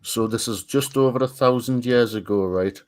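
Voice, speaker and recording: Often repeating words as he gropes for them, a Tyne and Wear-accented man from Northern England co-hosts an art stream with casual group chat. He has a mid-range, darkish voice and a moderate pace.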